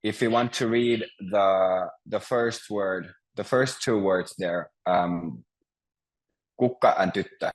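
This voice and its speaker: Over Zoom from home, a man with a low voice teaches Finnish pronunciation in an online class, speaking slowly, patiently and hesitantly, with lots of fillers and restarts. The audio is poor, captured through a video call mic.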